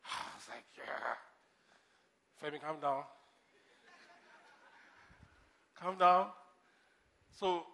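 A man preaching with a bright, high voice. He swings from loud, forceful emphasis to soft asides and laughs at his own stories. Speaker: pastor. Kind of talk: sermon.

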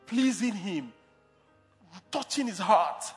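A man's voice: high voice, animated, takes it slowly, in a large hall, soft background music. A man preaching a sermon as pastor, emphatic, repeating and restarting phrases.

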